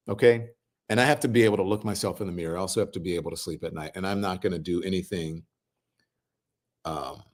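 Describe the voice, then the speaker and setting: Man hosting a casual livestream. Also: low voice. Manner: conversational, reads viewer comments aloud and answers them. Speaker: host reading live chat comments.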